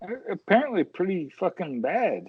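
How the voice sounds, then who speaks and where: A man's voice: high voice, sing-song, moderate pace, slightly rough, dry recording, phone-quality sound. A man joining a podcast in casual chat with dry, wry remarks. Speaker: podcast co-host.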